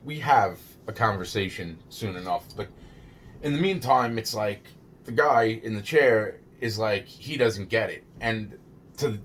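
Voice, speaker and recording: A man's voice: on the low side, a little hiss or hum. A man casually retelling a true story in the first person. He rambles, restarts sentences, swears constantly and sounds shaken and unable to believe it himself. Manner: rambling and halting, many restarts and repeated words; shaken disbelief at his own story.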